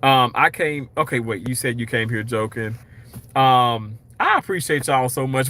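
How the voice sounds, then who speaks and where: A man's voice: medium pitch, normal speed, pushed and bright. A man chatting candidly and at length with his viewers during a casual livestream, rambling and upbeat. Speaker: livestreaming vlogger. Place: outdoors at night, walking.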